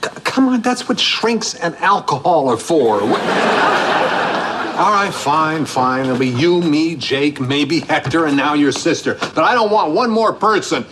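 A cranky sarcastic doctor. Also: male voice, a little high, expressive, unhurried. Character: grumpy, sarcastic male doctor. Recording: noisy TV sitcom audio.

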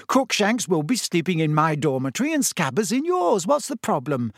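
A man voicing a sharp, bossy teenage schoolgirl witch in a storybook reading, brisk and mildly scolding. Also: sits high, very animated, no room sound, clean studio sound, voice pushed up, exaggerated voice. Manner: brisk, reassuring, slightly scolding.

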